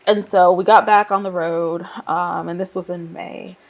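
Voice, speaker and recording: Low gravelly woman telling her story. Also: normal speed. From Nigeria. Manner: lively, laughs often, acts out quoted voices. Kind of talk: casual storytelling interview.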